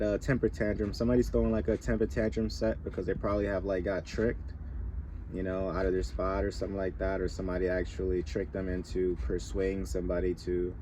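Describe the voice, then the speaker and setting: A man's voice: low voice, little pitch movement, moderate pace, warm tone, a little hiss or hum. A man talking casually about spiritual signs in a slangy, rambling, emphatic way. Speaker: spiritual reader.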